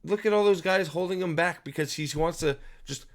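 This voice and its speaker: A man's voice: high voice, a little fast. A man giving casual, profane video commentary as host, ranting in an exasperated way with frequent restarts.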